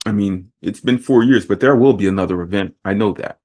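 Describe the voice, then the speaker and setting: A man's voice: lowish voice, a little fast, darkish tone. A man hosting a podcast who talks in a thoughtful way and often restarts his sentences. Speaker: podcast host. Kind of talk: casual conversation.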